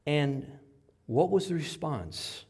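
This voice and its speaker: Animated storytelling male preacher. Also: a little high, takes it slowly, husky. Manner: dramatic storytelling, acts out shouts and whispers. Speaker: pastor. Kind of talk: sermon.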